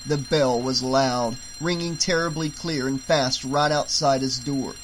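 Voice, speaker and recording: A man reading an audiobook in a steady, measured way. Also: medium pitch, noisy background. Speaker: audiobook narrator. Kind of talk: audiobook narration.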